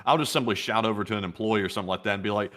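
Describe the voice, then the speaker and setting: A man co-hosting a news stream, reading out viewer questions and chatting in a relaxed, chuckling, rambling way. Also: on the low side, racing. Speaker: co-host reading chat questions. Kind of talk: casual joking chat with co-host.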